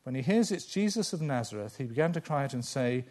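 A man's voice: lively intonation, fast, hardly any pauses. Man preaching a conversational sermon. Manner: conversational, asks the listeners questions; swings between loud emphasis and quiet lowered asides. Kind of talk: expository sermon.

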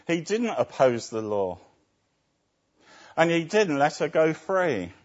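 Male preacher, deliberate sermon delivery, rhetorical questions, muffled lo-fi sound. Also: fairly high pitch, very animated. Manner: asks rhetorical tag questions. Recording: dull lo-fi recording.

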